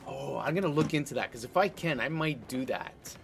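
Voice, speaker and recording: A man's voice: mid-range voice, expressive, a little fast, gravelly, soft background music. A man from Italy, streaming a game and chatting casually about his play and the menus. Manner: chatty, explains things at length while navigating menus. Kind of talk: gameplay commentary.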